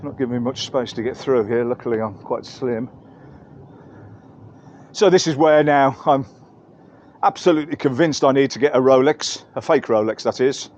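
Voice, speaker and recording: A man's voice: mid-range voice, moderate pace, long pauses, a little mellow, muffled recording, slight background noise. An English man giving a chatty, rambling walking-tour commentary outdoors in busy market streets, correcting himself as he goes. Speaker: travel vlogger.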